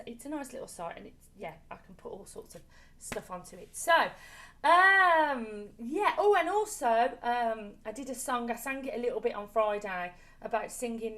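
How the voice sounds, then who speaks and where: A woman leading an online choir warm-up from home over a video call, chatty and encouraging, coaxing the group along with repeated praise. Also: on the high side, lively intonation, a little fast. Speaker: choir leader. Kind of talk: online singing warm-up class.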